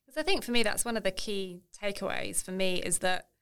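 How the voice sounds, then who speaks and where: A woman's voice: mid-range voice, animated, a little fast, smooth. A woman hosting a podcast interview, reflecting on her guest's points and affirming often. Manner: warm affirming, lots of short agreement. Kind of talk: casual interview chat.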